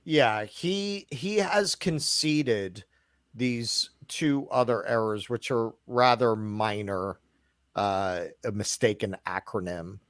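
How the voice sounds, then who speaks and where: A man's voice: fairly low pitch, takes it slowly, fairly bright tone, no echo. A man co-hosting a podcast in casual chat, joking with playful exaggeration. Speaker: podcast co-host.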